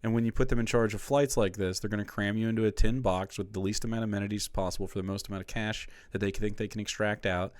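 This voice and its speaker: A man's voice: fairly low pitch, fairly even intonation, fast, hardly any pauses, dry recording. A man streaming live and reacting to a clip, swearing a lot, mocking it and laughing often.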